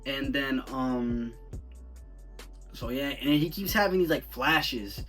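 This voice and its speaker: Bright-voiced young man ranting about a movie. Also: mid-range voice, takes it slowly, far from the mic, soft background music. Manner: rambling, slang-heavy, animated and incredulous. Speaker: movie reviewer. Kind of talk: casual movie review rant.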